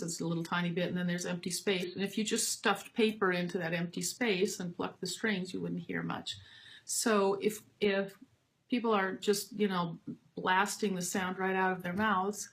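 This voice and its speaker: Enthusiastic woman voice teacher talking. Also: medium pitch. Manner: warm, enthusiastic and expressive, with soft asides. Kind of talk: casual spoken talk on teaching.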